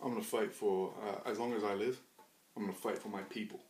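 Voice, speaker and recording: A man rambling through a crude, joking solo monologue as a podcast host, swinging into loud bursts of mock bravado. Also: on the low side, fairly even intonation, fast talker, a little hiss or hum.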